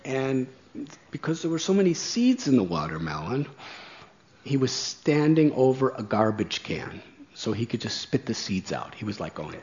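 A man telling a story slowly, chuckling at his own tale. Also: medium pitch, sing-song, a little mellow, muffled recording, slight background noise. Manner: slow, chuckling anecdote telling. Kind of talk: storytelling talk.

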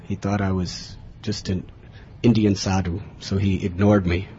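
A man recounts a personal spiritual journey in an earnest, storytelling way, with bursts of liveliness. His voice sits a little low. The recording is dull and lo-fi, with a faint hiss underneath. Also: measured pace. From America. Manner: earnest, animated in tellings, chuckling.

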